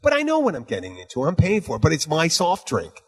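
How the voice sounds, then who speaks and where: A man chatting casually as co-host, animated and ranting, swearing freely. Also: a little high, fast talker, slightly rough. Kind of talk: casual chat.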